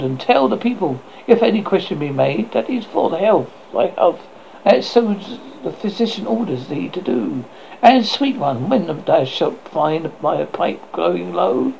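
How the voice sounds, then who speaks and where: A man voicing a cackling old witch woman who dotes on her creation, in a sharp high tone, on a dull lo-fi recording with faint noise. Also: vocal fry, heavily acted.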